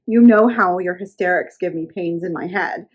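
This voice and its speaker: A woman's voice: lowish voice, moderate pace, slightly rough, highs cut off. A woman reading aloud the lines of a cold, domineering mother goddess who talks down to her daughter. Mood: scornful. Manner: scornful, belittling.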